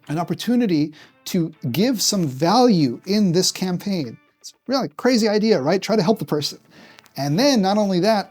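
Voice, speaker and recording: Male presenter, direct and punchy, mid-high voice, tutorial delivery. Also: husky. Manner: direct, punchy, acts out examples. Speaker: marketing executive presenting a tutorial. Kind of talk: direct-to-camera business tutorial.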